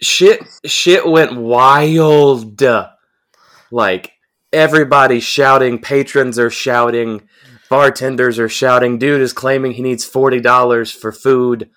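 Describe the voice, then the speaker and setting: Young male podcaster, loose profane storyteller, mid-pitched everyday voice. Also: a little slow. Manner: profane, animated anecdote telling. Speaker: podcast co-host. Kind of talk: casual storytelling.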